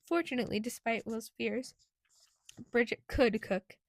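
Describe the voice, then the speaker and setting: A woman reads an audiobook in a steady, clear voice. Her pitch sits slightly high. The recording is close and dry, with no room echo. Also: unhurried. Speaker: audiobook narrator. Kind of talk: audiobook narration.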